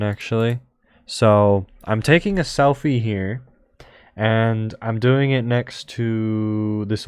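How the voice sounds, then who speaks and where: A young man chats casually on his podcast in a fairly low voice. He rambles, stops and restarts, and fills the gaps with ums. The recording is close and dry, with no room sound at all. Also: smooth, dry recording. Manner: rambling, many fillers and restarts. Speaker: streamer podcast host. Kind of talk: casual chat.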